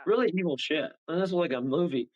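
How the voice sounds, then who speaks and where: A man telling a story as a guest medium on a radio talk show, animated and rambling, acting out the voices of the people in it. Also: a little high, fast talker, lo-fi sound. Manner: animated, rambling, acts out voices, chuckles often.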